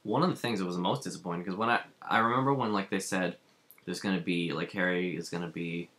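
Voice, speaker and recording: Fast-ranting deep-voiced man. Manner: animated, ranting, acts out his own reactions. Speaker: podcast co-host. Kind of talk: casual chat.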